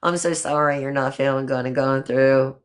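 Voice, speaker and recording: An older woman chatting on a phone livestream, warm-hearted with her viewers and calling them honey. She talks loosely and affectionately, with the odd casual curse word dropped in. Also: a bass voice, fairly even intonation, moderate pace, clean tone. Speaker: livestream host.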